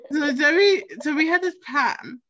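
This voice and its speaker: Chatty high-voiced young Englishwoman. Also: unhurried. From South East London. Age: young adult. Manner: chatty, animated storyteller with frequent laughs. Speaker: podcast co-host. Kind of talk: casual chat. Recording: dull lo-fi recording.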